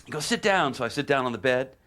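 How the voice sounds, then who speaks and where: A guitarist telling an interview anecdote in an animated way, acting out the dialogue. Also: male voice, mid-range voice, racing. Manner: animated storytelling, acts out dialogue.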